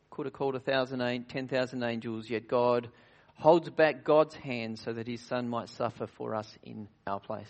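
A man's voice: medium pitch, moderate pace, few pauses. Earnest man preaching a communion sermon. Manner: earnest, varies loudness widely, drops to near-whisper at times; frequent restarts and rhetorical questions. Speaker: pastor.

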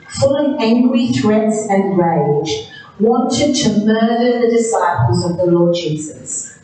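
A woman narrating a Bible story in a slow, deliberate way, in short phrases. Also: a little high, a little mellow. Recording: very echoey room, distant mic, faint hiss.

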